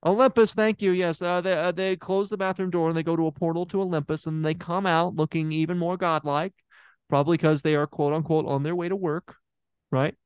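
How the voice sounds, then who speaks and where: Guy doing a clueless therapist, smooth voice, dry sound, lots of uh and stammering. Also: fairly high pitch, steady tone, fairly quick, no echo, natural voice. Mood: deadpan. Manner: hesitant, stammering, confidently absurd. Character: bumbling fake male therapist. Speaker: therapist in improv scene. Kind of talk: improv comedy scene.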